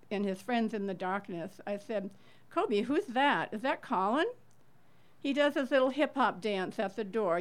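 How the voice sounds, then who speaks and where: Earnest middle-aged woman reading her story. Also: medium pitch. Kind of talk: reading a personal story aloud.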